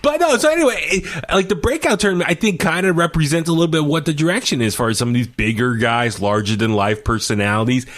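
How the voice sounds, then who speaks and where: A man's voice: fairly high pitch, fast talker, hardly any pauses, fairly bright tone. A middle-aged man chatting casually as a podcast co-host. He rambles, trails off while hunting for names, and fills gaps with ums and uhs. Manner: rambling, searches for names, many fillers. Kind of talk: casual wrestling review chat.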